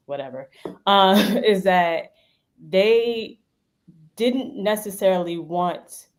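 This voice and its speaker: A woman chatting casually as a co-host, thinking aloud as she makes her point. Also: fairly low pitch. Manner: conversational, thinks out loud. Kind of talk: casual chat.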